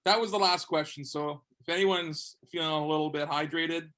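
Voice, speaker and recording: A man co-hosting a band interview, reading out game questions in a relaxed, casual way. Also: fairly high pitch, normal speed, rough recording. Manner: relaxed, reads questions aloud. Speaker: co-host running a drinking game round.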